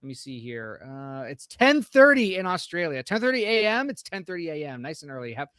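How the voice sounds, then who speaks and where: A man's voice: on the high side, very animated, brisk, fairly bright tone, clean tone, no echo, studio quality. An American man co-hosting a podcast live stream, rambling and greeting viewers from the chat by name. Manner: rambling, reads out chat names. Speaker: podcast co-host.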